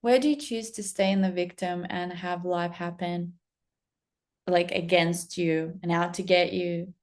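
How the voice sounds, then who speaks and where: A young adult woman, a spiritual coach, telling a personal story to camera in a lively, casual way and acting out the other people's lines. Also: lowish voice, gravelly. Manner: animated, acts out quoted voices, casual swearing.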